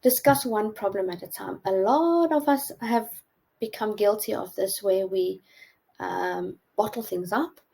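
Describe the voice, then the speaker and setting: A woman's voice: medium pitch, measured pace, creaky, warm tone, husky, rough recording. A woman teaching a masterclass on relationships, giving earnest advice with frequent hesitations. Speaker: relationship coach presenting a masterclass. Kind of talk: instructional talk.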